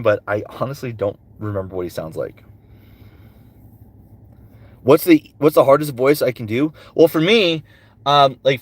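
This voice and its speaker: A male voice actor chatting casually with fans and answering their questions, slipping into character voices between answers. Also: medium pitch. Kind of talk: casual livestream Q&A with impressions.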